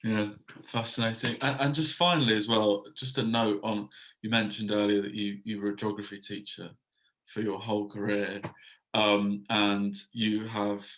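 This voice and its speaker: A male interviewer with a low, flat voice that barely rises or falls. He talks through his questions thoughtfully and fills his pauses as he goes. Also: slight background noise, low-quality recording. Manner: thoughtful, with many fillers. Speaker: interviewer host. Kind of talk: conversational interview.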